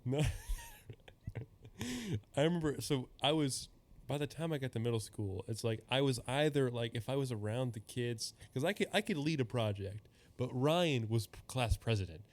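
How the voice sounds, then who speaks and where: A man's voice: mid-range voice, moderate pace. A young man hosting a podcast, telling loose stories with lots of laughs and swearing. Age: young adult. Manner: laughing, swearing, rambling storytelling. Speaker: podcast host. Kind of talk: casual chat.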